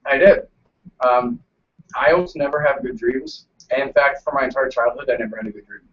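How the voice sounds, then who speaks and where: A man's voice: medium pitch, brisk, far from the mic. Joking man, a bit off-mic on lo-fi audio. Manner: joking, storytelling, teasing. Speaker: show regular. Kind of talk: casual live chat.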